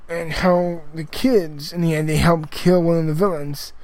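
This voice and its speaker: A man talks through a movie review in a loose, rambling way. His voice sits a little high for a man. He stops and restarts often and swears for emphasis. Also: fairly even intonation, moderate pace, darkish tone, rough recording. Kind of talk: casual spoken movie review.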